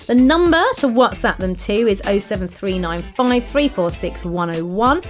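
A woman's voice: mid-range voice, lively intonation, moderate pace, soft background music. A woman co-hosting a podcast, chatting casually and agreeing readily with her co-host. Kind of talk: casual chat.

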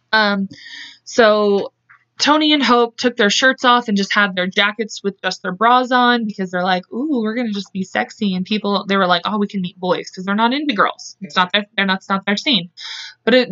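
A woman's voice: mid-range voice, moderate pace, sharp tone, highs cut off. A young woman co-hosting a podcast, casually retelling a crime case in a chatty way and acting out the quotes. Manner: chatty, acts out quotes, laughs often. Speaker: podcast co-host. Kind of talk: casual true-crime storytelling.

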